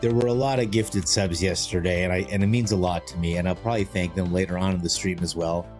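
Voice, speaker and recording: A man's voice: low-pitched, fairly even intonation, fast talker, a little mellow. A man hosting a casual live stream, rambling and joking as he greets viewers by name. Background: faint music.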